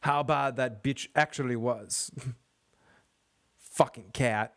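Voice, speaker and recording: A man's voice: mid-range voice, slow, pauses often, a bit bright. A man hosting a casual TV recap show, joking and swearing as he rambles and reads chat comments. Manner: profane, joking, rambling with frequent laughs. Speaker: podcast host reading chat comments.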